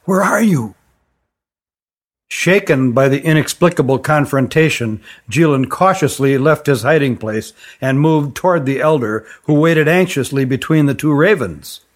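A man narrating an audiobook in a steady, deliberate storytelling style. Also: mid-range voice.

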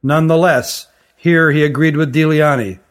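A man narrating a fantasy story in an even, careful reading voice. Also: fairly high pitch, a little slow. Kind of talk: audiobook narration.

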